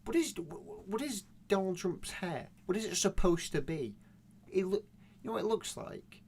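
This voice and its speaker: A man's voice: high voice, normal speed, vocal fry, slight background noise. A young man rambling through a profane, meandering solo monologue recorded at home. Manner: profane, meandering, animated rants.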